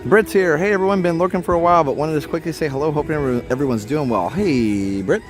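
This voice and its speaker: A man's voice: a little high, fast, over music. A man hosting a casual live stream from a theme park at night, chatting and reading out viewer comments.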